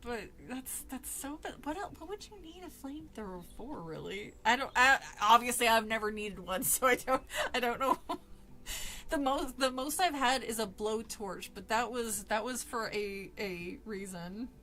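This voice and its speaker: A woman's voice: fairly high pitch, animated, moderate pace, bright, forceful tone. A woman who is a little drunk, chatting and swearing between passages as she reads a horror book aloud. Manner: chatty, swears, laughs often. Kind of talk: casual reading and commentary.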